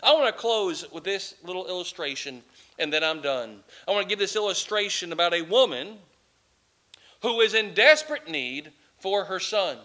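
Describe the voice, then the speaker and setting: A man's voice: sits high, lively intonation, moderate pace, sharp tone. A man preaching a sermon as pastor, impassioned, with a repeating cadence.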